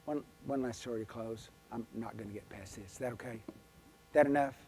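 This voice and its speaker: A man giving a conference keynote, telling folksy stories with an animated, emphatic delivery. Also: medium pitch, brisk, a little hiss or hum. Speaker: keynote speaker. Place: conference hall.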